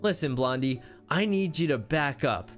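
A man's voice: fairly high pitch, expressive, normal speed, soft background music, voice pushed down, close to an everyday voice. A man voicing a hot-tempered young girl in a game role-play, blunt and threatening. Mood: bossy.

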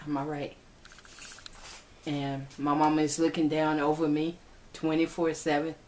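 A woman's voice: low voice, level tone, a little slow, darkish tone, a little hiss or hum. A woman, crying as she talks heartfelt to her viewers in a personal vlog. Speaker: vlogger.

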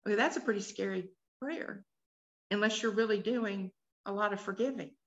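A woman leads a Bible study workshop, reading scripture aloud and pausing to pose questions to the group. Her voice is mid-range at a normal pace, captured in a dull lo-fi recording.

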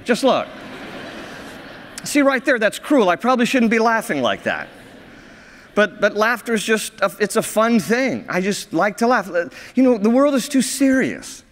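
A man with a notably high voice preaches to his congregation. He tells his stories with cheerful humor and often breaks into laughter at them. The sound carries the long reverb of a church sanctuary. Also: fairly bright tone. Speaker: pastor. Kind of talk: sermon with humorous storytelling.

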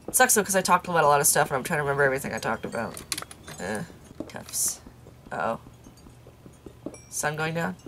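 This is a young YouTuber doing offhand let's play narration from her parents' house, wandering from thought to thought, teasing herself, and slipping in hushed mutterings. She speaks at a fairly low pitch over a faint hiss or hum.

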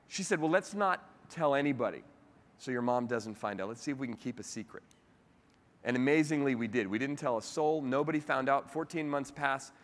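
A man at mid pitch tells a story from the stage of a large convention hall, and his voice trails off in a long reverb. He is an animated storyteller who acts out the quoted voices of the people in his story. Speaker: keynote speaker. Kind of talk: storytelling keynote speech.

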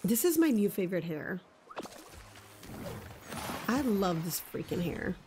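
A woman's voice: medium pitch, sing-song, unhurried, darkish tone. A woman streaming a video game live, gushing and giggling as she chats with her viewers. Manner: bubbly, gushing and giggly, talking to chat. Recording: faint music behind.

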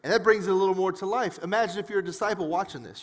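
A fairly high-voiced man preaching with a relaxed, joking manner, mixing scripture reading with chatty asides. His voice rings out with a long echo, as if in a big hall. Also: rapid-fire, few pauses. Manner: joking, chatty, animated retelling. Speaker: pastor. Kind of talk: casual conversational sermon.

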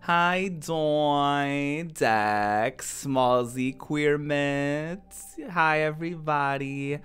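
A woman streamer chatting casually over gameplay, giggly and excitable with sudden squeals. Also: a bass voice, a little slow, clear, resonant tone, soft background music.

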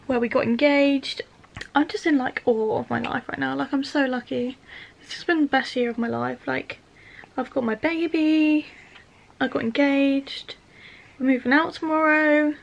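A woman's voice: high-pitched, steady tone, moderate pace, vocal fry, lo-fi sound. A young woman in her twenties chatting casually at home in a vlog, emotional and laughing often. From England. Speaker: vlogger.

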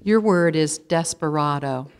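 A woman with a low, deep voice calls out words one by one, saying each clearly and more than once. She reads definitions and sample sentences in a measured, formal tone. Her voice rings with the long reverb of a big school auditorium. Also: noisy background. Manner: measured, even, repeats each word clearly. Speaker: spelling bee pronouncer. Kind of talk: formal word reading with definitions. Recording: long reverb of a large hall.

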